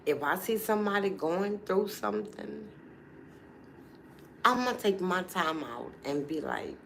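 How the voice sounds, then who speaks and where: A woman, hosting a casual livestream and talking straight to her viewers in a chatty, animated way. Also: mid-range voice, unhurried, vocal fry, slight background noise. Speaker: livestream host.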